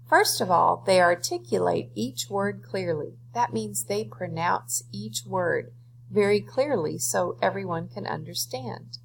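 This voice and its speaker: A woman's voice: medium pitch, creaky, slight background noise, rough recording. A woman teacher giving a reading lesson, explaining step by step to her students and then reading a poem aloud.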